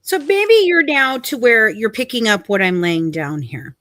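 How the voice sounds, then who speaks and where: A woman's voice: on the high side, expressive, measured pace, fairly bright tone, dry recording. A woman hosting a podcast and giving pointed true-crime commentary in an emphatic, skeptical way. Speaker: podcast host.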